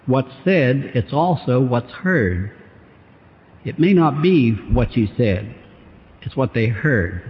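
Man preaching, emphatic and repetitive. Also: mid-range voice. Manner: emphatic, repeats phrases for effect. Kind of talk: sermon on marriage communication. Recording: dull sound with long hall reverb.

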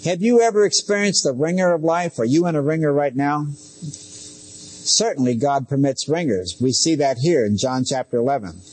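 Husky-voiced middle-aged pastor preaching. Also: male voice, fairly high pitch, normal speed, darkish tone. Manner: conversational preaching with asides and direct questions to listeners. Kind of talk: sermon.

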